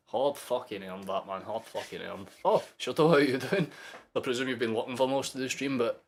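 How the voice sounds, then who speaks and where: A Scottish man in his twenties giving sweary, excitable live commentary while hosting a football watchalong stream. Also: medium pitch, moderate pace. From Scotland. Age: 20s. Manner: excitable, sweary, shouting at big moments.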